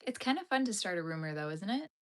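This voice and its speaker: With a sing-song, mid-range voice, she talks fast while hosting a knitting livestream from Yellowknife, far up in northern Canada. The conversation is a casual back-and-forth with viewer comments, marked by easy laughter and plenty of "like."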